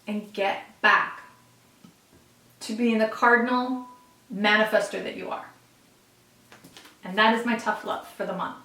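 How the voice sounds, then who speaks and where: A woman's voice: mid-range voice, fairly even intonation, measured pace, pauses often, pushed and bright, far from the mic. Echoey, chatty woman tarot reader. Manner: chatty, blunt tough-love encouragement. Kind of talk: casual tarot reading to viewers. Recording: echoey room, voice a bit off-mic.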